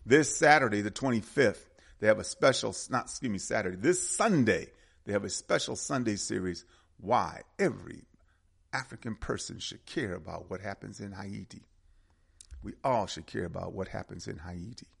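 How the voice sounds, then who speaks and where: A man with a low voice hosts a stretch of community announcements. His sound is gravelly and husky. He talks loosely and conversationally, restarting phrases and repeating the key details twice. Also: normal speed. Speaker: community radio host. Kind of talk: casual announcements. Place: Atlanta area.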